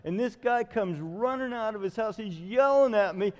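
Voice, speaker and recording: A middle-aged man preaching a sermon as a pastor, telling stories with lively acted-out quotes. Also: sits high, moderate pace, big-room sound. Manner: storytelling, animated retelling with acted quotes.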